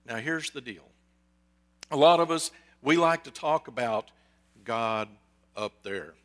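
A pastor preaching a sermon in a conversational, storytelling way, with jokes and asides. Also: male voice, medium pitch, lively intonation, slow. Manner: acts out quoted voices.

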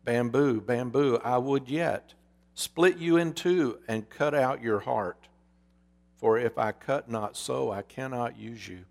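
A man voicing the grave, loving master of a garden in a storybook parable, speaking low. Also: slow pace, vocal fry, a little mellow, in a large hall.

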